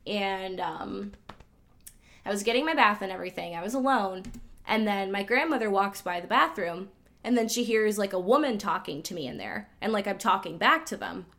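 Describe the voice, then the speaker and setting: A woman's voice: mid-range voice, lively intonation, moderate pace, a bit bright. Podcast guest, woman, chatty storyteller, loose and filler-heavy. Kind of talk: casual storytelling.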